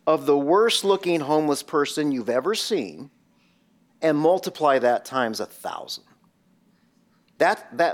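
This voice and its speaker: A man preaching a sermon and retelling a scene vividly, with many rhetorical questions. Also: sits high. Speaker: pastor.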